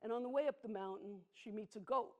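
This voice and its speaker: A woman, performing a personal storytelling monologue on a theatre stage, intimate and emphatic, slowing down on heavy moments. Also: on the high side, mellow. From the Bronx, New York. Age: 60s. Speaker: solo performer.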